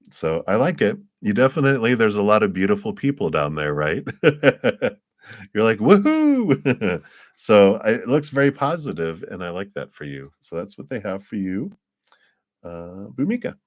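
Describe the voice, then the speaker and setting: Deep-voiced man giving a gentle tarot reading. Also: very animated, normal speed, dry recording, clean studio sound. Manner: warm, encouraging, chuckles often, rambling restarts. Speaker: tarot reader.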